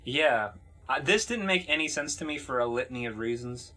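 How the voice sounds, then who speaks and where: Guy hosting a chill podcast, bright tone, rambly, swears a lot. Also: mid-range voice, animated, brisk. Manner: loose, swearing, rambling with many fillers. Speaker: podcast host. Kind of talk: casual podcast chat.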